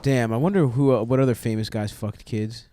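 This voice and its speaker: A man co-hosting a comedy podcast, throwing in quick joking interjections on a close mic. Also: mid-range voice, mellow. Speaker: podcast co-host. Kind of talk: crude comedy podcast banter.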